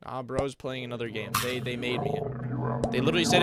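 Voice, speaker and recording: A man's voice: mid-range voice, fast, loud music behind the voice. Rambling young male game streamer. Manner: rambling, joking, slangy, answers chat. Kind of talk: casual livestream chat while gaming. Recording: loud background noise.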